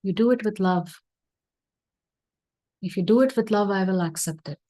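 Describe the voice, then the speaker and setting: A woman teaching scripture through a story, acting out the dialogue in an earnest, gentle way during an online session. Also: medium pitch, moderate pace. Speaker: spiritual teacher.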